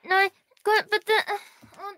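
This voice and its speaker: Casting note: high, bright voice, eager and chatty helper at a craft table. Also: female voice, flat delivery, a little slow. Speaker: helper opening packages. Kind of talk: casual chat.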